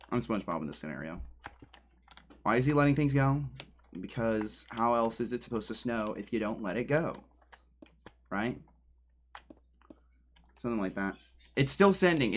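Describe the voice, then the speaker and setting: A man's voice: mid-range voice, a bit bright. A man livestreaming from a home room, rambling and joking straight to his chat, sometimes drifting away from his desk mic. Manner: drifts away from the mic while moving around.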